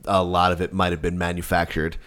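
A man's voice: sits low, monotone, a little fast, a bit bright, clear, resonant tone. A man in a casual podcast chat, talking with lots of profanity and slang like "dude" and "bro.".

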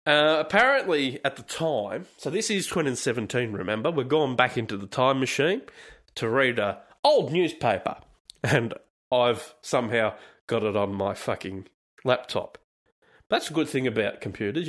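Profane, lively-voiced man hosting a podcast. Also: mid-range voice, normal speed. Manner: profane, laughing, wandering commentary. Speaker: podcast host. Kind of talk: casual solo podcast rant.

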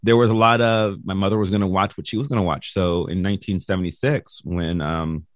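Deep-voiced middle-aged man telling a story. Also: fairly even intonation, fairly quick, dry recording, clean studio sound. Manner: rambling, laughs often, many ums and restarts. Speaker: guest. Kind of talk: casual storytelling.

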